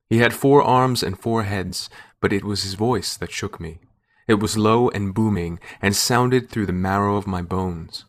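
A man reading a first-person short story aloud in a measured storytelling manner. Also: lowish voice. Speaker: narrator. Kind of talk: scripted narration.

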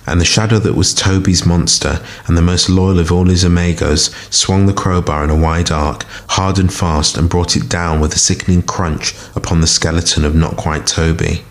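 A man with a very deep voice narrates scripted fiction in a measured, dramatic way. He reads as the storyteller of a podcast tale. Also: fairly even intonation. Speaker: story reader.

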